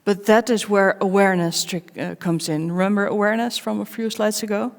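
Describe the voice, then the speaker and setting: A woman delivers a conference talk in a large hall, and her voice carries a long reverb. Her pitch sits in the middle range. She speaks in short, measured phrases and stays candid and personal, with wry jokes at her own expense. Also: steady tone. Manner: candid and personal, with wry self-mocking asides.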